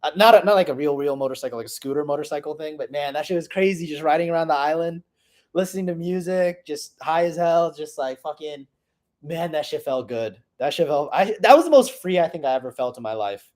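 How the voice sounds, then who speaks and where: A young man in his late twenties talks loosely to the camera about his past year, his voice sitting a little high. He rambles, swears freely and trails off mid-thought, excitable one moment and wistful the next. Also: a little fast. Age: 20s. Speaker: vlogger. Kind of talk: casual personal reflection.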